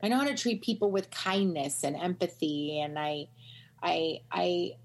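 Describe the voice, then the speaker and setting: Podcast co-host, woman; husky voice, mid-range pitch, blunt and affirming, casual profanity. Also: lively intonation, normal speed. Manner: emphatic, profane, affirming, ranting. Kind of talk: candid casual chat.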